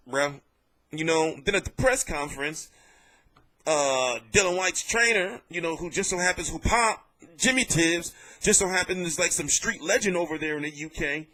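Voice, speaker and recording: Animated, profane man commenting on boxing. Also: fairly high pitch, moderate pace. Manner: animated, profane, jokey storytelling. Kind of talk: casual vlog commentary.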